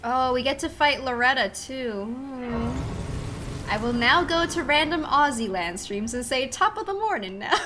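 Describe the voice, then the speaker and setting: Over video game music and a noisy background, a young woman with a high-pitched voice chats casually with viewers while she games. She comes across as giggly and self-deprecating.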